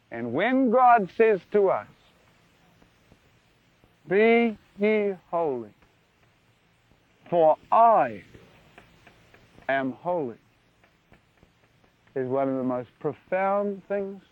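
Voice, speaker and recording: Male preacher, high-pitched, animated sermon delivery, thin lo-fi archive sound. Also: measured pace. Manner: animated, wondering, leans into questions to the audience. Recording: dry tinny phone-like archive recording.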